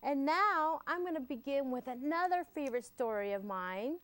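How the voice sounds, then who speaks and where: A woman hosting a children's library storytime, reading picture books aloud in an expressive, sing-song way with pauses for effect. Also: high-pitched.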